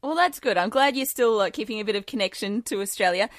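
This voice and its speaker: A woman's voice: medium pitch, animated, quick pace, dry recording, studio quality. Friendly teasing woman radio host. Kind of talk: radio interview.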